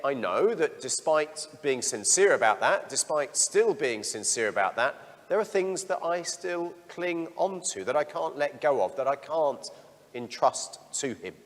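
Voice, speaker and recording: A middle-aged parish priest giving a sermon, telling stories about himself in a candid, self-deprecating way. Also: male voice, a little high, in a large hall. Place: church.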